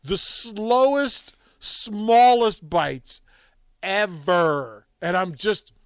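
A male radio host telling stories in casual call-in chat, swinging from loud to hushed. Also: high-pitched, very slow, clear, resonant tone, no room sound, clean studio sound. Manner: animated storytelling, dramatic swings from loud to hushed.

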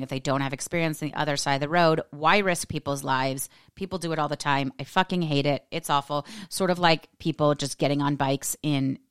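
Low-voiced sassy American woman. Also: clean tone. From United States. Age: 40s. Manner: animated, sassy, acts out quoted voices. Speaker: podcast host. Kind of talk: casual storytelling monologue.

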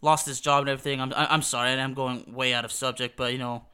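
A man's voice: medium pitch, flat delivery, fast, bright, forceful tone, smooth. A young man hosting a podcast, rambling casually through nostalgic memories with many restarts and fillers. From Texas. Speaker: podcast host.

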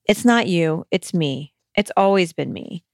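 A woman's voice: lowish voice, animated, unhurried, dry recording, clean studio sound. A woman hosting a podcast, reading a listener's letter aloud and then giving reassuring, conversational advice with some hesitant restarts.

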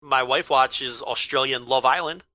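A man's voice: medium pitch, measured pace, sharp tone, no echo. A man co-hosting a podcast in casual chat, dry, blunt and wisecracking. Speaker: podcast co-host.

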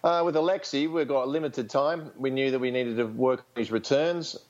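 A man's voice: mid-range voice, moderate pace, dull audio. Frank Australian man, rambling coach talk. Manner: frank, rambling, many fillers and restarts. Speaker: tennis coach, interview guest. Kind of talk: casual interview storytelling.

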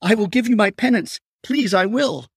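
A man voicing a frightened young woman prosecutor who pleads for her life in a raised, higher voice. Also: fairly even intonation, moderate pace, fairly bright tone, dry recording, clean studio sound. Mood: terrified.

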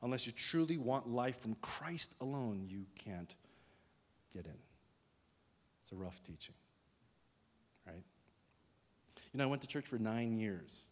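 A pastor preaching to his congregation in a relaxed, conversational way. He keeps pausing to ask whether everyone follows. His voice carries a long reverb from a large hall. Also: mid-range voice. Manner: conversational, asks the congregation questions. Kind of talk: sermon.

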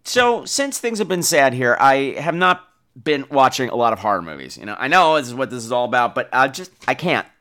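A man's voice: mid-range voice, very animated, fairly quick, pushed and bright. A man hosting a podcast and telling a comic story in a campy, theatrical way while grieving. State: grieving, dazed. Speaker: podcast host.

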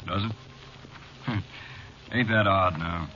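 An actor playing a teasing, sinister bartender who drawls in slang, in old-time radio drama style. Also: male voice, low voice, takes it slowly. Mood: sly. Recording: dull, faintly hissy old radio recording.

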